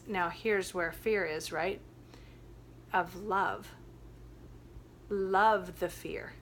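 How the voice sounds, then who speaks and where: A woman speaking in an earnest, gentle way as she recounts a workshop story in a relaxed chat. Her pitch sits in the middle of the range, and she lets her voice sink to a hush at tender moments. There is a faint noise bed under the recording. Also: creaky. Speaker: youth workshop facilitator.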